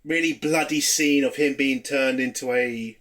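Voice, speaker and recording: A man's voice: mid-range voice, steady tone, unhurried, fairly bright tone. A man giving a rambling, sarcastic spoken recap of a TV episode, swearing often. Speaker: TV reviewer. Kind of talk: casual spoken review.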